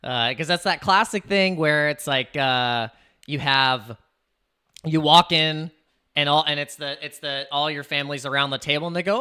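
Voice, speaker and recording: A man's voice: on the high side, moderate pace, bright, forceful tone, smooth. A man hosting a casual crypto livestream, chatty and rambling, hyping up his viewers.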